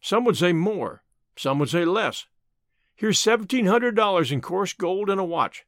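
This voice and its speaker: A man voicing a humble, earnest gold-miner, talking in a slow rustic backwoods drawl. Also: high voice, lively intonation, fairly bright tone, no echo, clean studio sound.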